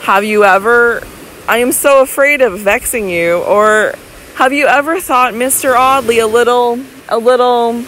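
A woman's voice: high-pitched, lively intonation, moderate pace, slight background noise, rough recording. A woman reading an audiobook voices a young Victorian lady who speaks hesitantly and pleadingly. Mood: anxious. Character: young Victorian lady, fragile, anxious and scheming.

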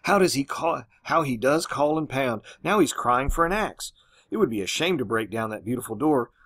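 A man reading aloud the lines of an unraveling young wife, lifting his pitch for her quotes. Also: sing-song, moderate pace, vocal fry, a bit bright, exaggerated voice. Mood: eerie excitement.

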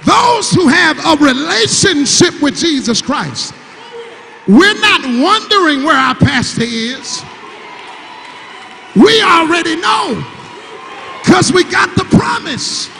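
High, gravelly grieving preacher whooping. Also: male voice, sing-song, takes it slowly, pauses often, bright, forceful tone, raised voice, a faint crowd, slight background noise. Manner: whooping, repeats words and stammers for emphasis; urges the congregation to answer back. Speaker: preacher, son of the late pastor. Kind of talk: call-and-response sermon. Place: large church sanctuary. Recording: church sanctuary with long reverb.

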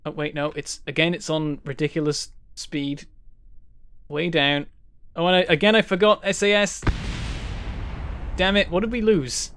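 A man's voice: a little high, steady tone, moderate pace, pauses often, fairly bright tone, smooth, no room sound. A man from northern England streaming a game live, thinking aloud, answering chat and breaking into frustrated exclamations. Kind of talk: live-stream gameplay commentary.

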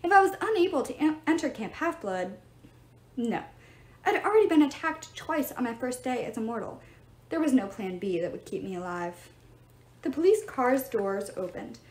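Expressive woman reading aloud in an echoey room. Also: a little high, moderate pace. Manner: expressive, lively storytelling. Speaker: audiobook reader. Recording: roomy echo.

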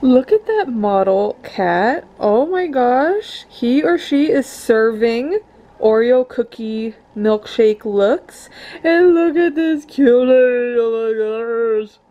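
A young woman and mother filming a casual home vlog on a handheld camera, gushing and excitable. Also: on the high side, slow pace, muffled recording. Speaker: vlogger and mother. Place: family home.

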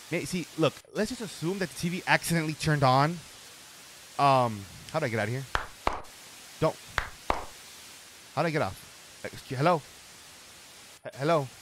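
A young man giving let's-play commentary on a game, excitable and profane, yelling and joking as he plays. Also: a little high, a little slow, pauses often, slight background noise. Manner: excitable, profane, yells and jokes. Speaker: gaming video creator. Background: game music.

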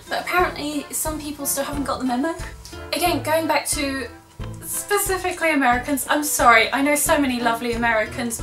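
Young woman from Russia, high-ish voice, sarcastic vlog chat, roomy echo, mic a bit far, soft music behind. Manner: sarcastic, chatty, laughs often. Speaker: vlogger. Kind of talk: casual talk to camera. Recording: echoey room from a distance, music behind.

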